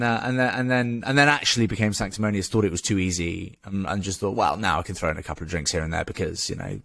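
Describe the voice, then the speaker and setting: A man in his thirties with an English accent and a low voice with vocal fry tells a candid story as a podcast guest. He's frank and casual, swearing and restarting as he goes, and the recording has no echo.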